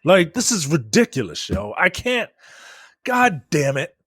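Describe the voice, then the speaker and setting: A man's voice: a little high, big pitch swings, unhurried, fairly bright tone, slightly rough, no room sound, clean studio sound. A man co-hosting a podcast in casual chat, ranting in exasperation with lots of filler words. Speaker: podcast co-host.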